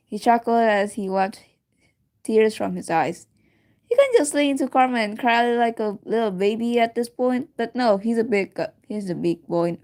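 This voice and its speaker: Halting woman reading a story aloud. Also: medium pitch, expressive, gravelly, a little mellow. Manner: halting, stumbles and restarts words, giggly asides. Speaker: reader of a story. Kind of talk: casual read-aloud of a fan story.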